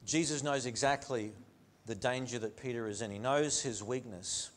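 A man's voice: mid-range voice, normal speed. A male pastor preaching a sermon in a church, earnest, with repeated phrases and rhetorical questions. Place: church sanctuary.

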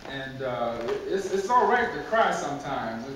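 A man's voice: mid-range voice, very animated, a little slow, noisy background. Echoey preacher man from far off. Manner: conversational, repeats words, chuckles at own jokes. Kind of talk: sermon with humor. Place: church sanctuary.

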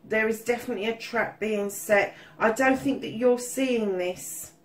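Slow-talking woman reading tarot. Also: a little high. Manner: swears freely, calls listeners darling. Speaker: tarot reader.

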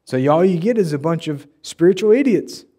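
A male pastor delivering an emphatic, animated sermon in a church and acting out the people he quotes. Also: a little high, a little fast. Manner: emphatic, animated preaching with mocking quoted voices. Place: church sanctuary.

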